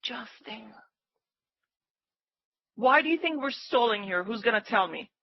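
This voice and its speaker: Excitable woman cheering on a live trade. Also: on the high side, brisk, dry recording, highs cut off. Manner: excitable, cheering the market on, pleading. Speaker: day-trading livestream host. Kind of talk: live trading commentary.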